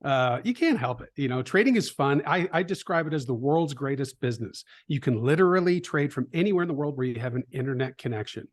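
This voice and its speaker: A middle-aged man in a conversational interview, an animated storyteller who acts out quoted voices, with frequent restarts. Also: mid-range voice, fast talker, hardly any pauses. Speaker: trading educator, guest.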